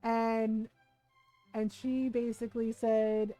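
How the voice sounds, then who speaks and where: A woman from the United States telling an animated story on a livestream, swearing freely and laughing often. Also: a little high, moderate pace, muffled recording, soft background music. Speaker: streamer.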